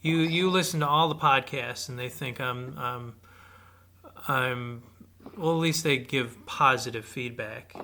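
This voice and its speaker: A man's voice: medium pitch, a little slow, pushed and bright. A man co-hosting an advice podcast, talking hesitantly and with self-doubt in casual chat. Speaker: podcast co-host.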